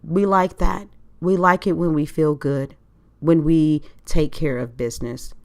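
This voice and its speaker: Woman, podcast host, lower voice, casual solo talk full of rhetorical questions. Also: steady tone, unhurried.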